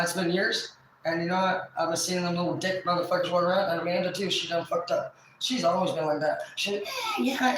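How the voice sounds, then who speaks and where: A woman's voice: deep voice, slight background noise. Woman in her forties, livestream venting, rambling and profane, lots of restarts, very echoey room.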